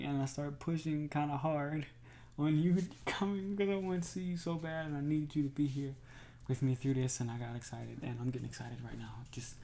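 Gravelly man in a whispered role-play. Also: fairly high pitch, a little hiss or hum. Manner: soft and affectionate, often breaking into laughs and sighs. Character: adoring boyfriend, emotional and overjoyed. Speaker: ASMR creator.

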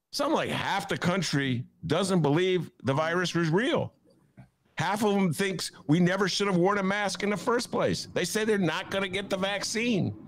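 A man's voice: sits high, fairly bright tone. A man hosting a political podcast from his attic, riffing in a sarcastic, ranting way. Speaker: podcast host and newspaper columnist. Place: home attic.

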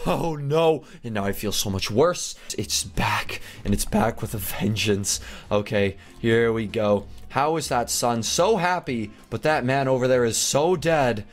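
A young man hosting a game video, giving jokey, animated play-by-play with sudden excited yelps. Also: medium pitch, normal speed. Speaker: gaming video host. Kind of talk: casual game commentary.

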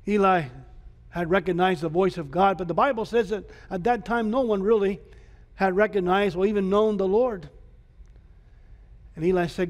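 High-voiced male pastor preaching emphatically. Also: fairly even intonation, moderate pace. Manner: emphatic, repeats rhetorical questions, shifts between loud calls and soft asides. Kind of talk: sermon.

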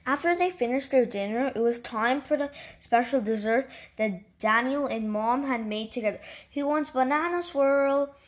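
Amateur storybook reader, a woman, fairly high voice, halting delivery with restarts. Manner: unpolished reading with stumbles and restarts. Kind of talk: read-aloud storybook narration.

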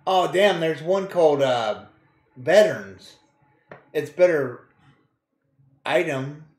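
Slow-talking man streaming a game. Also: a little high, animated, a little mellow, echoey room. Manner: crude joking, reads game text aloud, laughs often. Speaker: gaming streamer. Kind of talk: casual let's-play commentary.

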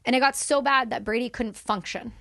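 A woman's voice: fairly high pitch, steady tone, fairly quick, vocal fry, fairly bright tone, no echo, studio quality. A woman in her thirties from Canada, a podcast guest telling her story in candid, emphatic conversation. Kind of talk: casual conversation.

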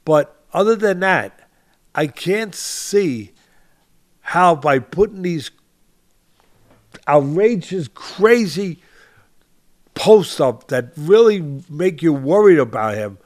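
His voice sits on the high side and is expressive, slow, and broken by long pauses. An older man hosting a boxing podcast, he talks with fervor, repeating phrases for emphasis and naming his co-host directly in this heated commentary.

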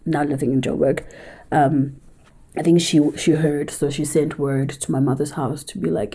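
Low-voiced South African woman vlogger. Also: steady tone, normal speed, dark tone, husky. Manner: candid, chatty, emphatic. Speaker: film reviewer and vlogger. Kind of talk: casual storytelling vlog.

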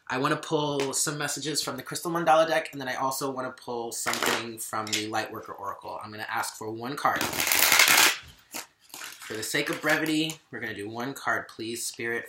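A woman's voice: a bass voice, echoey room, noisy background. A woman giving a casual tarot card reading to camera, emphatic and fired up, repeating lines for stress and dropping slang.

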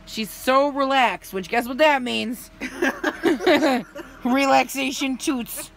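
Woman beauty vlogger, casual and giggly, rambling asides; voice a touch high. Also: takes it slowly, gravelly, a little hiss or hum. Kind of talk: casual chat. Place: camper.

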